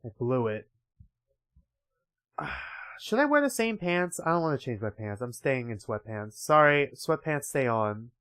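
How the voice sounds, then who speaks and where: A man's voice: medium pitch, sing-song, unhurried, a bit bright, clean tone. A young man streaming a game, chatting casually, swearing freely and reading the story aloud.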